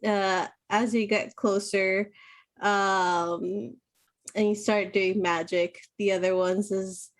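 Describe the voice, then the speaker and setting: A woman running a tabletop game as dungeon master, narrating scenes at a slow, unhurried pace. She pauses often with fillers as she describes what the players see. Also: medium pitch, level tone.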